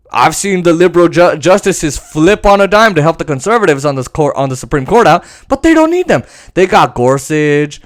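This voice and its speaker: A man hosting a podcast, delivering sarcastic, profane political rant commentary. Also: a little high. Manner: sarcastic, profane, animated ranting. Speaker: podcast host.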